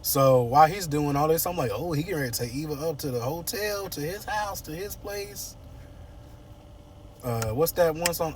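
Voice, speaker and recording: A man's voice: fairly high pitch, normal speed, recorded from a distance, heavy background noise. A man casually recapping a soap opera episode, playfully acting out the characters' lines and joking.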